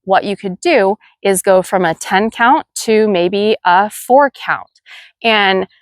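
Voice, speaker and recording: A woman at a middle pitch talks other riding instructors through her tips, steady and practical, counting cues out loud. The sound is dry, with almost no room around her. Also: takes it slowly, no echo. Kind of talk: instructional video talk.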